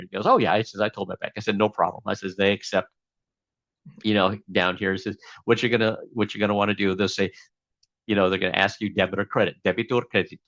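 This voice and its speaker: Guy with a lowish voice rambling thru a story, lots of uhs, dry muffled sound. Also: fairly bright tone, no echo. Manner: rambling, with many restarts and fillers. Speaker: interview guest. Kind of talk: casual storytelling.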